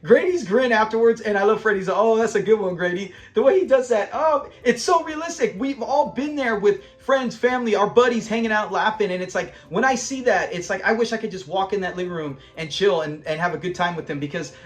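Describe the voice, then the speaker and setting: Guy reviewing an old sitcom episode, high voice, retells scenes all excited, quotes the lines. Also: fairly quick, hardly any pauses.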